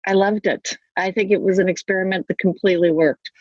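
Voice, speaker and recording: A woman's voice: medium pitch, fairly even intonation, a little fast, darkish tone, dry recording, dull audio. A woman in her sixties from the United States, chatting upbeat as a guest from her home closet over a video call. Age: 60s. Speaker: podcast guest. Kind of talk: casual interview chat.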